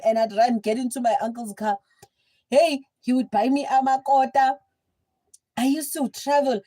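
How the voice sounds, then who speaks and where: A young woman with a South African accent, telling a story in a chatty, animated livestream style. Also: high voice, moderate pace. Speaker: livestream host. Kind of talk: casual storytelling.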